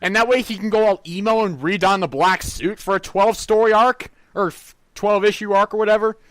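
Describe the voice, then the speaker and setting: A man co-hosting a casual movie review, laughing often and landing sarcastic asides. His voice is notably high for a man, recorded close and dry. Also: a little fast, fairly bright tone, no room sound. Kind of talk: casual film review chat.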